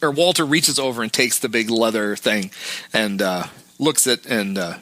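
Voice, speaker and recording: A man's voice: on the low side, normal speed, bright, forceful tone, dry recording. A man co-hosting a podcast, casually recapping a film scene by scene. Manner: recounting scenes, quoting lines. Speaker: podcast co-host.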